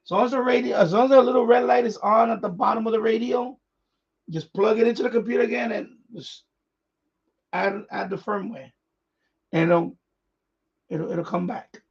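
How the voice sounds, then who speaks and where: A man's voice: high voice, fairly even intonation, normal speed, vocal fry, pauses often, slightly rough, muffled recording. A man hosting a radio hobby live stream, chatting casually in a rambling way, repeating himself and chuckling often.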